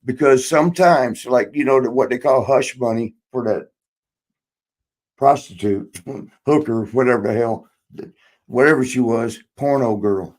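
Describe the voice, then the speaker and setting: A man's voice: mid-range voice, a little slow, darkish tone. A man in his sixties, a podcast host and former wrestler, telling road stories in a rambling, profane way, laughing often and acting out quotes. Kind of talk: casual storytelling chat.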